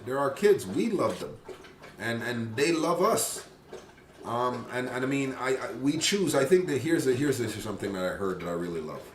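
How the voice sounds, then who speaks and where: A man's voice: medium pitch, lively intonation. A man, a father of a big family, talking earnestly about parenting, often restarting his sentences. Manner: earnest, halting with many restarts. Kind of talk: casual talk show conversation. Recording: roomy and distant with faint noise.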